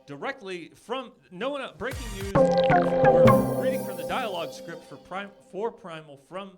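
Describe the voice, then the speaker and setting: A man's voice: high voice, expressive, unhurried, over loud music. A man hosting a stream, explaining things in a rambling, stop-start way. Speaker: streamer host. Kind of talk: casual chat.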